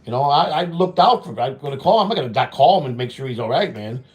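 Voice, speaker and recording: A man's voice: medium pitch, lively intonation, fast. Rambling profane man, casual vlog talk. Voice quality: profane, repetitive, says "man" often. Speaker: vlog host. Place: home during a hurricane.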